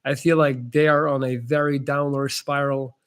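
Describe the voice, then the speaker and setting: A man's voice: mid-range voice, level tone, normal speed, smooth. A young man hosting a casual live-stream chat, answering viewers' questions in a blunt, laid-back way and calling people "man".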